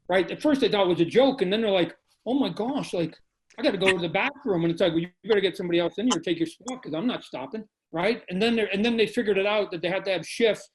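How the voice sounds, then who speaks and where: A man from Canada, a guest telling animated stories on a video call, often repeating his phrases. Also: high voice, poor audio. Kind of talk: casual storytelling.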